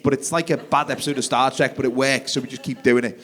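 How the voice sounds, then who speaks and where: A man in his forties doing a stand-up comedy set, energetic, jumping to loud shouted punchlines. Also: mid-range voice, a little fast, hardly any pauses. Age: 40s. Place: theatre stage, live audience.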